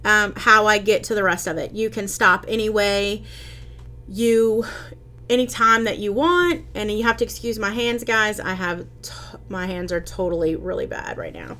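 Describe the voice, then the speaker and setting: Hosting a casual craft tutorial live, this woman speaks at normal speed in a mid-range voice that's bright and forceful. She talks with her viewers and replies to their comments, frequently pausing on "um" and starting over.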